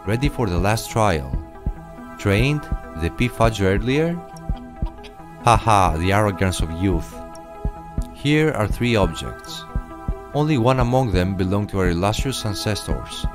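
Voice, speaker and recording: A pompous, theatrical knight of a secret order in a video game, speaking in a somewhat low, grandiose tone. He lurches between solemn ritual speech and the patter of a game-show host. Loud background music plays under the game audio. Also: lively intonation, measured pace.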